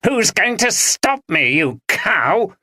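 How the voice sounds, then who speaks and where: A man's voice: high voice, very animated, slow pace, bright, forceful tone, no echo, clean studio sound, pitched above the performer's own voice, full character voice. A man reading an audiobook, voicing a contemptuous, hot-tempered young man. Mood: sneering. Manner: sneering.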